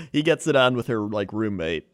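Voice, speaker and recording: A man's voice: on the low side, animated, a little fast, no room sound, studio quality. A man casually recapping a movie plot, rambling with lots of fillers. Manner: rambling storyteller, many fillers.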